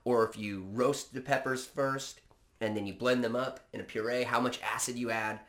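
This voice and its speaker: A man telling stories in a casual chat, animated and swearing freely. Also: mid-range voice, moderate pace.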